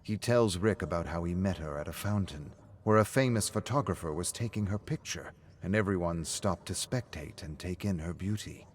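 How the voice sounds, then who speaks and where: Low-voiced man narrating a story. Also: slight background noise. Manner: measured storytelling.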